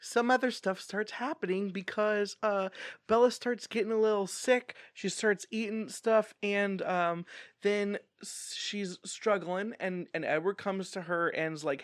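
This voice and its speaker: A man with a bright, high-pitched voice gives a casual, rambling book recap full of animated asides. He is recorded close to the mic with a dry sound and no room echo around him. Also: unhurried. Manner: chatty and animated, bursting into laughter. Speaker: book reviewer.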